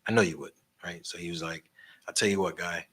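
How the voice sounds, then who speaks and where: A man telling animated stories about promoting shows, swearing freely and acting out the voices of the people in them. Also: deep voice, fairly quick, husky. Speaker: guest storyteller, concert promoter and barber. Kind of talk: casual storytelling interview.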